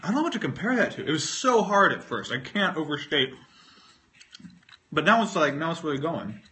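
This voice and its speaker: A man's voice: fairly high pitch, very animated, a little fast, sharp tone. A man chatting casually on a livestream while eating candy, rambling and self-mocking, swearing freely and talking with his mouth full. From North Carolina, US. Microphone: phone.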